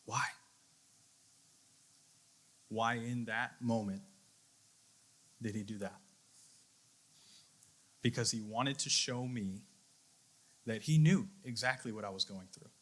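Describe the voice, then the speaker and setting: Earnest man preaching, bright forceful voice. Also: medium pitch, slow pace, long pauses. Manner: earnest storytelling with quoted inner voice. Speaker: youth leader. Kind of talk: sermon.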